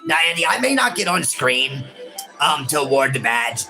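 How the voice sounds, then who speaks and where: A man's voice: medium pitch, sing-song, moderate pace, sharp tone, faint music behind. A man co-hosting a game playthrough in casual banter, teasing and profane, dropping his partner's name into nearly every sentence. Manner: teasing, profane, keeps saying the other host's name. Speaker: co-host playing the game. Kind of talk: casual let's-play banter.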